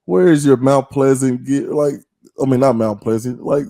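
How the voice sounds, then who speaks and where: A man's voice: mid-range voice, fairly even intonation, normal speed, warm tone, dry recording. A man hosting an interview, playful and teasing as he asks questions. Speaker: podcast host.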